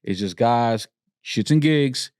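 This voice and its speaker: A man's voice: mid-range voice, takes it slowly, darkish tone, dry recording, studio quality. A man co-hosting a podcast, making emphatic points, repeating himself and swearing in casual debate. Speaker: podcast co-host.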